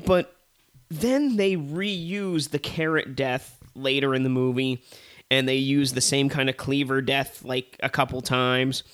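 A man co-hosting a casual movie review chat, ranting with animated, profane exasperation. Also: medium pitch, measured pace, clear, resonant tone.

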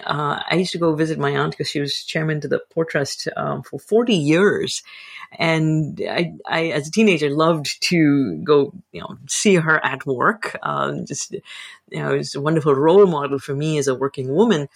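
A woman author talking casually in an interview and reading her novel aloud in an expressive, animated way. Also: sits low, normal speed, gravelly, slightly rough.

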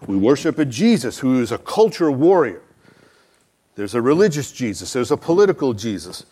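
A man's voice: medium pitch, a little mellow. A middle-aged man preaching a sermon, earnest, asking rhetorical questions and acting out quoted dialogue. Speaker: pastor.

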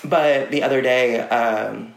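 A young man chatting as a podcast guest, telling animated stories with lots of fillers and laughs. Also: mid-range voice, takes it slowly, vocal fry. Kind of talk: casual chat. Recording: roomy echo.

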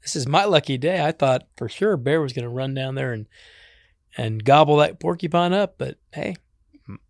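A man's voice: fairly high pitch, expressive, moderate pace, no room sound, clean studio sound. A man voicing a hungry, boastful male wolf in a folk tale. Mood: gloating.

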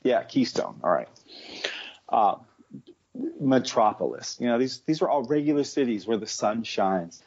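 Brief: husky, deep-ish man, rambling wry storyteller, dull lo-fi audio. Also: sing-song, a little slow, long pauses, darkish tone. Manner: rambling, many restarts and fillers, wry. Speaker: comic book writer guest. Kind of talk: casual podcast conversation.

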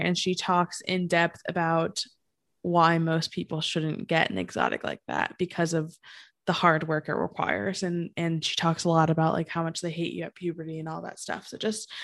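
Woman host, easygoing podcast chat, quick to laugh. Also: lowish voice. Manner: laughs often, short affirmations.

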